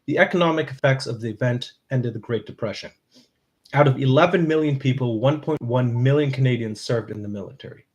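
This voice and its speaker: Man narrating history in an even voice. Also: mid-range voice, fairly quick, highs cut off.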